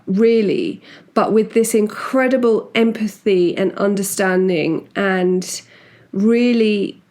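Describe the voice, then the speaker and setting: Woman, podcast host, casual true-crime storytelling, chatty, self-correcting, mid pitch. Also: takes it slowly, darkish tone. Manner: chatty, frequent restarts and asides.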